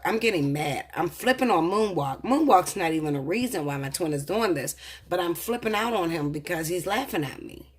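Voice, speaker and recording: A woman's voice: lowish voice, slightly rough. A woman in her thirties, a tarot reader, telling a personal story in a heated, profane, confessional way. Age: 30s. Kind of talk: casual storytelling to camera.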